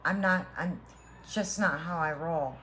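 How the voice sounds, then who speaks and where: A woman tarot reader speaks slowly and earnestly in a lowish voice, offering a heartfelt spiritual reading. She halts and restarts her phrases as she reassures the listener. A faint hum of background noise sits under her voice. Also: bright, forceful tone. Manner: halting with repeated restarts.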